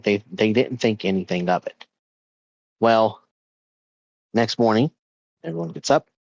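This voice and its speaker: A man's voice: fairly low pitch, a little mellow, dry recording, dull audio. A man hosting a podcast, telling a ghost story in a loose, rambling way with lots of restarts. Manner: rambling, with many repeats and fillers. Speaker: podcast host.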